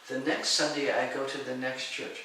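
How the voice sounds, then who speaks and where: A middle-aged man telling lively stories in an interview, acting out the voices of people he quotes and laughing often. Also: medium pitch, normal speed. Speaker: interview guest, martial arts and healing teacher. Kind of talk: storytelling in a conversational interview. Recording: echoey room, far from the mic, faint hiss.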